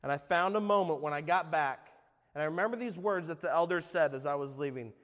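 Male pastor, middle-aged, high voice; confessional sermon testimony, loud to hushed, church-hall reverb. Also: fairly quick. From California. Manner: earnest, confessional, swings between loud and hushed. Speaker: guest speaker, former youth pastor.

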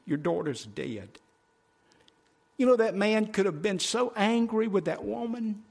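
A male preacher giving a sermon in a folksy way, talking straight to the congregation and swinging from loud, driving phrases to hushed ones. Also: high-pitched, moderate pace, gravelly. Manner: folksy, addresses congregation directly.

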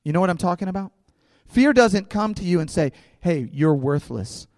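A man's voice: sits high, fairly quick, darkish tone, studio quality. Man preaching in a reverberant hall. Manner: impassioned preaching with rhetorical questions. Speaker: pastor. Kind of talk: sermon.

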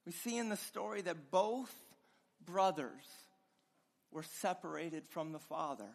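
A pastor preaching a sermon with passion, his voice swinging between loud and hushed. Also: fairly high pitch, animated, moderate pace, creaky. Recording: long reverb of a large hall.

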